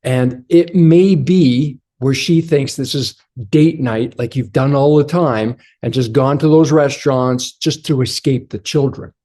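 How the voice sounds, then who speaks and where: Male relationship coach, warm, low-key tone, blunt and direct delivery for a men's motivational talk. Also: unhurried, few pauses. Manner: blunt and direct, addresses listeners as brothers.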